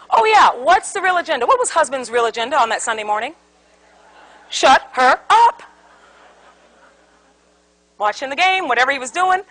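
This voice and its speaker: A woman speaks to a live seminar audience in a high voice that swoops widely. She tells her stories with animation, acting out the quotes. She keeps putting questions to the room. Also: fairly bright tone, poor audio. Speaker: conflict resolution speaker. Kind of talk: interactive seminar talk.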